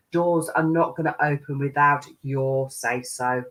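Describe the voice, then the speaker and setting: A woman's voice: a bass voice, steady tone, a little slow, few pauses, a bit bright. A woman channeling spirit guides, rambling and laughing often, now and then slipping into chanted light-language syllables.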